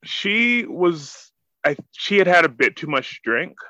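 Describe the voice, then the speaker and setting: A man co-hosting a casual chat, telling stories in a dry, measured way. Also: high voice, sing-song, pushed and bright, dry recording, dull audio.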